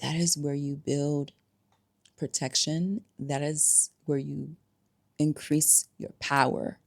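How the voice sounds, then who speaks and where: A woman's voice: low-pitched, fairly even intonation, slow pace, vocal fry. A woman giving emphatic, conversational commentary to camera, full of rhetorical questions. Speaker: spiritual vlogger.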